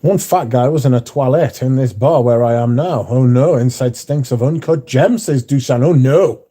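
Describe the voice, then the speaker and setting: A man's voice: mid-range voice, moderate pace, warm tone. A man hosting a casual livestream, reading out chat messages in a blunt, mouthy way with frequent swearing. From not American. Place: bar, windy.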